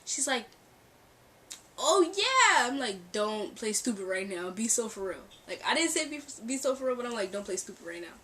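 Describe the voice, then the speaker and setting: A young woman casually telling a storytime vlog, animated and laughing, acting out the lines of the people in her story. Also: medium pitch, brisk, hardly any pauses, distant mic, a little hiss or hum. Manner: animated, acts out quoted dialogue, laughs often. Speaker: storytime vlogger. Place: bedroom near a street. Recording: mic set back, faint background ambience. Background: cars passing outside.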